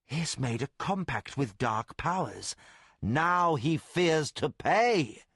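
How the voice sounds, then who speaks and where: A man's voice: fairly low pitch, sing-song, a little slow, fairly bright tone, husky, no echo, clean studio sound, voice pushed down, exaggerated voice. A man voicing a formal old priest speaking in grave, solemn sentences.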